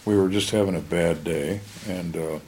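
A man's voice: low-pitched, steady tone, moderate pace, a little mellow, slight background noise. An older man, a retired homicide lieutenant, telling blunt, wry stories from his career in an interview. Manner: blunt, plain-spoken, wry. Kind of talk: candid storytelling interview.

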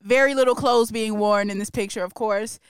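A woman's voice: on the high side, fairly even intonation, fairly quick, smooth, no echo, clean studio sound. A woman co-hosting a podcast, chatting casually and laughing often, playful and opinionated. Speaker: podcast co-host. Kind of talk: casual chat.

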